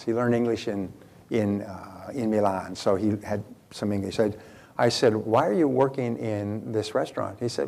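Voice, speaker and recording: A man's voice: on the low side, normal speed, creaky, darkish tone. An older man speaking at a motivational seminar, telling stories with repeated phrases and fillers. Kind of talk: motivational seminar talk with anecdotes.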